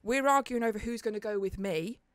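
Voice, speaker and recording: Animated Northern English woman telling a story. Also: on the high side, brisk, no echo, clean studio sound. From England. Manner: animated, dramatic retelling with acted quotes. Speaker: podcast co-host. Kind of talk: casual storytelling chat. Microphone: studio mic.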